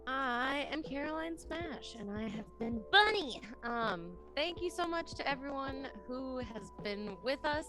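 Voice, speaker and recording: A woman player saying a soft, hesitant goodbye to viewers. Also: high voice, animated, measured pace, hardly any pauses. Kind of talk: casual goodbye on a stream. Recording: clear music behind.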